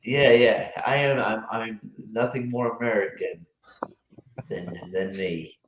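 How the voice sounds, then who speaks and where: A man co-hosting a casual podcast chat, talking in halting bursts with many fillers. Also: lowish voice. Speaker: podcast co-host. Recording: roomy echo with faint noise.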